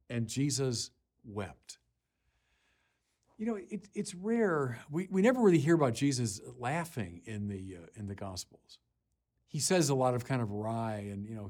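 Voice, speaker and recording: A man preaching a sermon, unhurried with small restarts, rising to forceful emphasis on key lines. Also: medium pitch.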